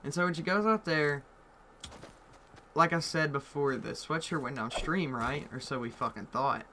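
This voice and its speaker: A young man with a slightly high voice tells a story in a loose, rambling way. He swears constantly and gets worked up at the wild parts. A steady noise runs behind him. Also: normal speed. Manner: profane, rambling, excitable. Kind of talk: casual storytelling. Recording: audible background noise.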